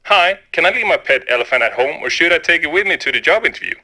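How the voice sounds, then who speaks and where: A man's voice: a little high, expressive, fast talker, bright, forceful tone, heavily acted. A man doing a goofy prank caller.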